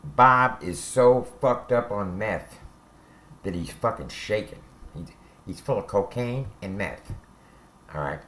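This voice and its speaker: A man's voice: fairly low pitch, takes it slowly, fairly bright tone, slight background noise. A man who served time tells prison stories in a blunt, profane way and keeps checking in with "all right?". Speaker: former prisoner telling stories. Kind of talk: casual spoken storytelling.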